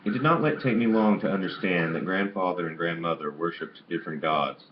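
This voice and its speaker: A man's voice: sits low, fairly quick. A man reading a novel aloud in an amateur way, stumbling and restarting on some words, on a dull lo-fi recording with faint hiss. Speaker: audiobook reader.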